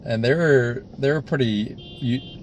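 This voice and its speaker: A man's voice: medium pitch, measured pace, slight background noise. A man co-hosting a casual film review, steadily critical, with many "like" fillers.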